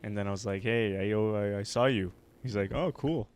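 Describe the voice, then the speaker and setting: A man's voice: on the low side, normal speed, a little mellow, smooth. A young man co-hosting a comedy podcast, making jokes and laughing often as he tells stories. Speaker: podcast co-host. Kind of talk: casual comedy podcast chat.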